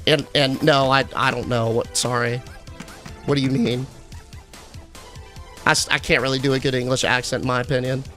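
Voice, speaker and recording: A young man streaming a game live, chatting casually and answering his chat with shout-outs. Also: medium pitch, little pitch movement, moderate pace, long pauses, faint music behind.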